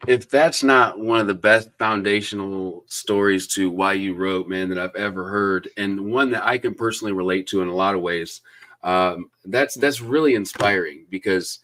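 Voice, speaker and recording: A low-pitched man speaking at normal speed hosts a live booktube interview. He is effusive and enthusiastic, filling the live-stream chat with fillers and shout-outs and thanking viewers between questions.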